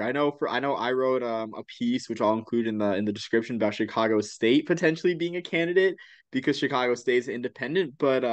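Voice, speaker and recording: A man's voice: mid-range voice, no echo, highs cut off. A congested man hosting a sports podcast, chatty and often restarting his sentences. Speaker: podcast host. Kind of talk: casual podcast interview.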